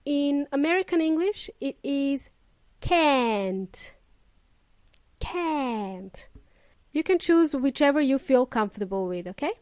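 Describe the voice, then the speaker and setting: High-voiced, slow-speaking woman teacher. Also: dry recording. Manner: patient, repeats words slowly for learners. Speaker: English pronunciation teacher. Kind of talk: slow podcast pronunciation lesson.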